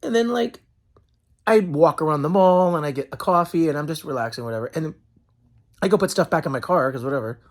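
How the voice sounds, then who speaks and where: A man's voice: on the high side, expressive, a little fast. Male vlogger, casual rambling rant, frustrated, heavy on fillers.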